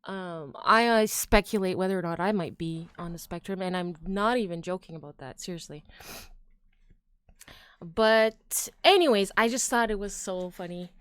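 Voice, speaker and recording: A woman streamer chatting casually with her chat while crafting, rambling with fillers and trailing off into quiet mutters as she works. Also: on the low side, normal speed, clean tone, dry recording. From United States.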